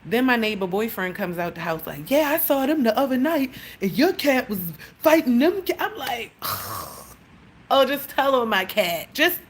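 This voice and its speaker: This woman's fairly high, sing-song voice is slightly rough and moves at normal speed. She's chatting casually on a livestream, telling rambling stories full of swearing and frequent "like."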